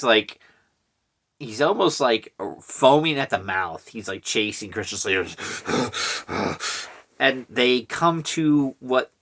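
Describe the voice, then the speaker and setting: Bright-voiced man rambling a movie recap. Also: mid-range voice. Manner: rambling, casual, lots of fillers and asides. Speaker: horror movie reviewer. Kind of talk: casual movie recap vlog.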